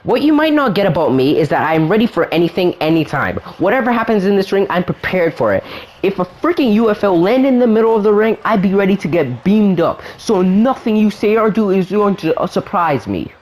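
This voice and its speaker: A man reading out a proud, confrontational male wrestling champion in a slightly lowered voice. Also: very animated, fairly quick, darkish tone. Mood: defiant. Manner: boastful, confrontational.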